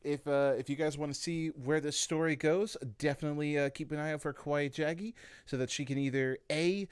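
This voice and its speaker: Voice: mid-range voice, fairly even intonation, brisk, clear, resonant tone, no echo. A co-host chatting casually with a playful, jokey manner. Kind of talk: casual chat.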